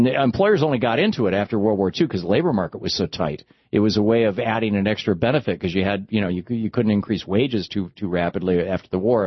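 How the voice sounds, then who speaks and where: Male call-in radio host, lower voice, husky, slightly dull dry studio sound, stammers then speeds up. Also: no echo. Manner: animated, stammering restarts, mocking voices. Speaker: radio talk show host.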